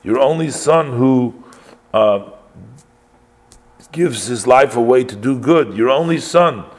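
A man's voice: mid-range voice, animated, takes it slowly, voice pushed up. A man voicing a distraught elderly mother who pleads and cries out in a raised voice. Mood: wailing. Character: distraught elderly mother defying arresting police.

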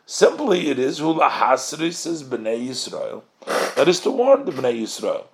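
A man's voice: mid-range voice, big pitch swings, a little slow, creaky. A man teaching a religious text study lesson, reading short Hebrew phrases and translating them line by line, asking and answering his own questions. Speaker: Torah teacher.

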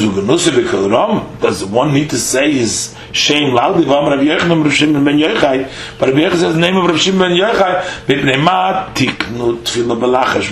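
Man teaching a Talmud page in an echoey room. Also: mid-range voice. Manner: reads Hebrew-Aramaic phrases, then translates them; halting, with frequent "uh" fillers. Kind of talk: daily Talmud page lesson.

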